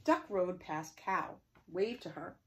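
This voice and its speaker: A woman librarian reading a picture book to preschoolers, gentle and expressive, with chatty asides to the children. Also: on the low side, takes it slowly, slight background noise. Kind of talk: preschool story time reading.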